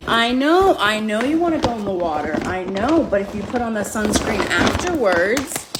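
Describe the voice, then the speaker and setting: A woman's voice: mid-range voice, big pitch swings, normal speed, heavy background noise, natural voice. A woman playing a frazzled, scolding beach mom. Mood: exasperated. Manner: scolding, harried.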